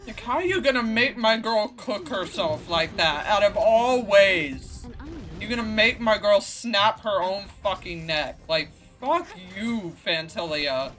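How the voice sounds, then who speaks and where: A bright, forceful male streamer ranting in slow, drawn-out outbursts of swearing at a game villain. Game music plays faintly underneath. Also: sits high, expressive. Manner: profane, indignant ranting. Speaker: gaming streamer. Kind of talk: let's play commentary.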